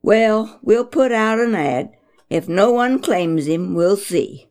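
A firm father, put on by a woman reading a storybook, booms his refusals slowly. The voice is animated and gravelly. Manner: firm, booming.

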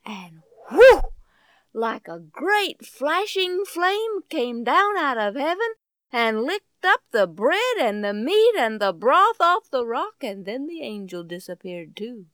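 Animated woman telling a Bible story. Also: high voice, slow, no room sound. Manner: animated, exclamatory, folksy.

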